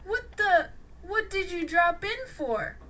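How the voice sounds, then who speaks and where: A woman's voice: very high-pitched, big pitch swings, slow, bright, forceful tone, a little hiss or hum, pitched above the performer's own voice, exaggerated voice. A woman voicing an eager young girl training to be a hero, bubbly and keen.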